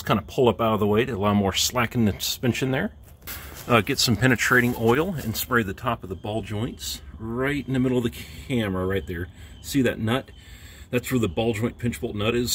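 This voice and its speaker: A man's voice: medium pitch, slight background noise. A man giving casual, matter-of-fact step-by-step instructions for a home car repair, with plain talk and wry asides. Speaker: DIY car repair vlogger. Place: home driveway, working under a car.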